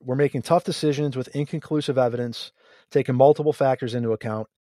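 A man, a guest emergency physician on a podcast, explaining his reasoning in a measured way. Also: medium pitch, fairly even intonation, dark tone, no room sound, clean studio sound. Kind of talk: podcast discussion.

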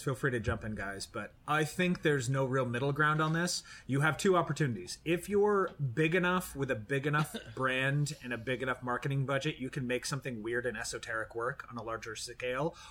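A man co-hosting a casual drinks podcast, animated and swearing freely as he talks shop. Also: medium pitch, fairly quick, few pauses. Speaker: podcast co-host.

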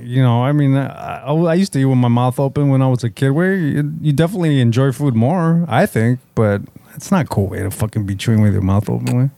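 A man's voice: mid-range voice, fast, creaky, warm tone, no room sound. A man, co-hosting a casual podcast chat, laid-back and profane, mixing Spanish slang into his English. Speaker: podcast co-host.

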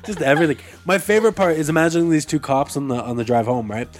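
A man co-hosting a podcast, chiming in with quick jokes in casual chat. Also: fairly high pitch, soft background music. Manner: quick joking interjections.

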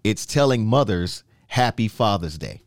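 A man from New York hosting a podcast, telling a story in a casual chat with lively, emphatic questions. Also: fairly low pitch, a little slow, dry recording, studio quality. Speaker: podcast host.

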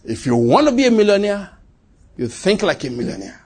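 Male pastor, husky and a bit high, emphatic repetitive sermon delivery. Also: big pitch swings, brisk. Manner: emphatic, repeats phrases, swings from loud to quiet.

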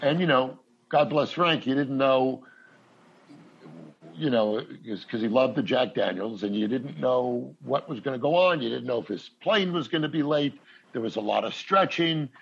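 A man, a comedian guest, telling long anecdotes in a halting, rambling way with many restarts. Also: mid-range voice, vocal fry, husky, muffled recording. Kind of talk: casual storytelling.

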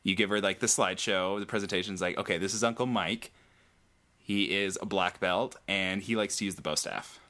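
A man chatting casually on a podcast with a lowish, sharply bright voice. His humor is wry, and he peppers his points with pop-culture references. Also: steady tone, brisk. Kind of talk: casual chat.

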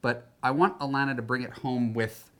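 A man's voice: mid-range voice, fairly even intonation, moderate pace, a bit bright. A man hosting a dating podcast, who sounds upbeat and enthusiastic as he introduces his guest and the segments. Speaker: podcast host, dating coach. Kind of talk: podcast interview and show intro.

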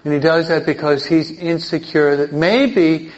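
An older man, a priest teaching an adult catechism class in a lively sermon style, emphatic and often checking in with his listeners. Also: fairly high pitch, unhurried, slight background noise. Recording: dull lo-fi recording.

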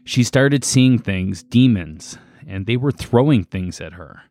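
A man co-hosting a casual podcast chat, relaxed and halting as he reads from his notes. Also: on the low side, dry recording, studio quality. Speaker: podcast co-host.

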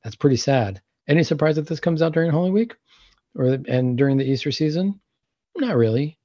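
A man's voice: fairly high pitch, lively intonation, brisk, dark tone, no echo, muffled recording. A man hosting a Catholic talk show, commenting on news articles and asking rhetorical questions that he then answers himself.

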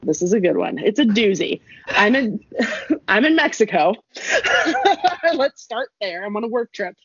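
A woman's voice: medium pitch, big pitch swings, measured pace, breathy edge, dry recording. A young woman telling a rambling story in casual chat, laughing and adding asides as she goes. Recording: dull lo-fi dry recording.

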